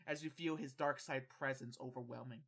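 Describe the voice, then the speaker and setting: Halting man narrating a tabletop game. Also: medium pitch, fairly even intonation, fairly bright tone. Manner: halting, full of restarts and "like". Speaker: game master.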